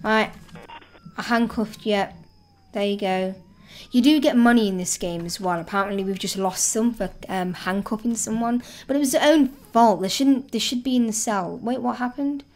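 A woman hosting a gaming video, chatting excitedly and thinking aloud as she plays. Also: fairly high pitch, moderate pace. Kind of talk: casual let's-play commentary.

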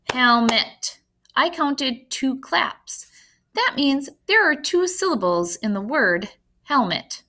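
Woman, teacher, phonics lesson for kids, slow and careful, bouncy sing-song pitch, higher voice. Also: bright, forceful tone. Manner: slow, clear, encouraging teacher voice, sounding out words. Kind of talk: online phonics lesson for children.

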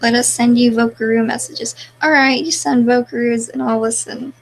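A woman with a slightly high, gravelly, crackly voice chats casually on a live stream. She reads viewer comments aloud and answers them offhandedly, trailing through fillers. A faint hiss sits under her voice. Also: steady tone, moderate pace.

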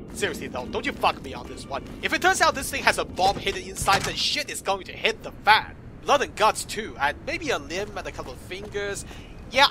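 A man giving comedic gameplay commentary in a sarcastic, profane, exasperated manner. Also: high voice. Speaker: commentator voicing the player character.

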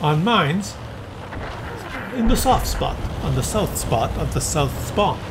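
A man commentates a tank game replay in a fairly high voice, excitable and urging the players on. Tank engines and gunfire from the game play loudly beneath him. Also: slow, heavy background noise. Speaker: gameplay commentator. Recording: loud game sounds under the voice.

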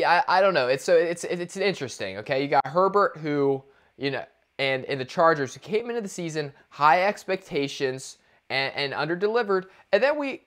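Ranting higher-voiced man. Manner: animated ranting, many restarts and fillers. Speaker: podcast co-host. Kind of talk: casual sports talk.

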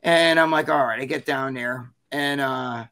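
A man guest in an interview, telling a story in a rambling, animated, profane way. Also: mid-range voice, measured pace, clear, resonant tone. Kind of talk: casual storytelling.

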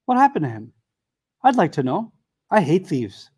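Give me a man playing a composed, quietly mocking man in authority, a bright high voice. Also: huge pitch swings, moderate pace, husky, exaggerated voice. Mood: sly.

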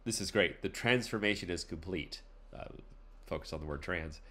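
Low-voiced man rambling through a tutorial. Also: moderate pace, bright, forceful tone. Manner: loose and rambling, many fillers, playful asides. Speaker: tutorial host. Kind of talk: casual screen-recorded tutorial.

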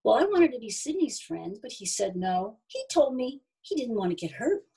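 A woman's voice: fairly high pitch, sing-song, moderate pace, warm tone, slightly rough, exaggerated voice. A woman voicing a small brown boy mouse in a storybook reading, asking earnest, wondering questions. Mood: curious. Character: shy little male brown mouse seeking a friend.

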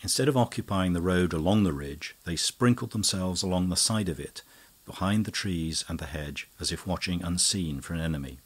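A man narrating an audiobook in a measured, even storytelling manner. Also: low voice, breathy edge. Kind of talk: scripted narration.

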